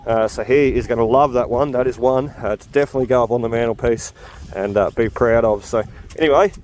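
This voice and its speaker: Excitable man detecting outdoors. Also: mid-range voice, a little hiss or hum. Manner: excitable, exclaims over finds. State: out of breath. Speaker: metal detecting vlogger. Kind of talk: casual outdoor commentary. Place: wet windy paddock outdoors.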